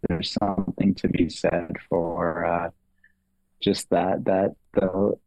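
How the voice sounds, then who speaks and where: Man, low voice, middle-aged, from Canada, joking, jumps up to act out quotes, dry close recording. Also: little pitch movement, slow, gravelly, darkish tone, no echo, rough recording. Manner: joking storyteller, acts out quotes with a jump in pitch. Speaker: guest. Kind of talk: casual interview chat.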